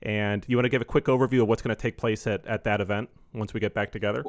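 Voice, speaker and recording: A male podcast host talks fast in a lowish voice, steering the conversation briskly. The sound is dry and close. He moves from question to question with little pause. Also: steady tone, no room sound. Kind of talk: podcast interview.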